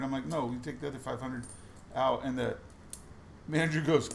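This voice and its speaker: A man's voice: mid-range voice, steady tone, fairly quick, vocal fry, long pauses, a little hiss or hum. A man chatting casually while going through boxes of coins, telling stories with lots of restarts. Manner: chatty storytelling with many restarts. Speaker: coin roll hunting vlogger.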